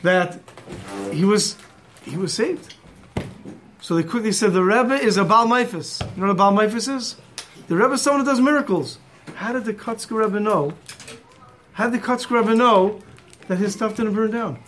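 A man's voice: sits high, animated, moderate pace, long pauses, a little hiss or hum. A man teaching a Torah class in English mixed with Hebrew terms, telling a story and acting out its quotes.

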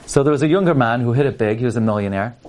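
A man's voice: medium pitch, rapid-fire, darkish tone. A man giving a sermon-style talk with stories at a fundraising parlor meeting. He speaks emphatically and works Hebrew and Yiddish terms into his storytelling.

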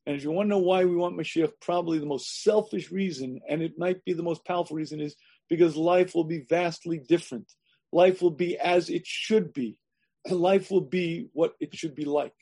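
Emphatic rabbi with a high, mellow voice. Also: male voice, normal speed. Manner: emphatic, repeats phrases, clears throat often. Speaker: rabbi giving a lecture. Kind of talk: sermon-style lecture.

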